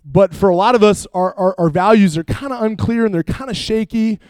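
A young man, a youth pastor, preaching and telling a funny personal story with animated, jokey asides. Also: sits high, a little fast, smooth, no room sound, clean studio sound.

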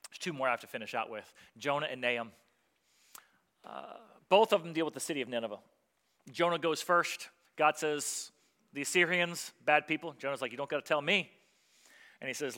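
A male pastor preaching with a bright, forceful tone. He tells the story vividly and acts out the people in it. He pushes hard on key lines, then drops almost to a hush. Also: a little high, brisk. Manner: animated storytelling, acting out voices of biblical figures; swings from loud and emphatic to quiet and soft. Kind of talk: sermon.

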